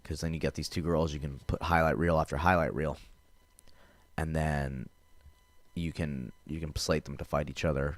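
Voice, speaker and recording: Low-voiced man hosting a fight podcast. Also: dry recording. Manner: loose and profane, with frequent fillers and restarts. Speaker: MMA podcast host. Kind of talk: casual fight-prediction podcast talk.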